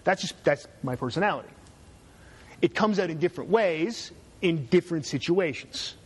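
A man's voice: a little high, expressive, normal speed, husky. A middle-aged man giving a university lecture, sarcastic and full of joking asides. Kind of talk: classroom lecture.

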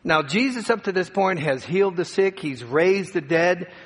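Male pastor, dramatic sermon delivery, loud cries to soft hush, slightly high voice, long hall reverb. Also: lively intonation, normal speed, husky. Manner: dramatic preacher, swings from loud cries to hushed tones.

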